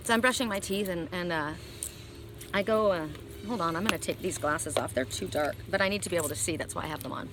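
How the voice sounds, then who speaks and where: A woman's voice: on the low side, a little fast, background noise. Earnest woman card reader talking outdoors. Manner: earnest, emphatic storytelling with repeated phrases. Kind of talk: casual spiritual talk to viewers.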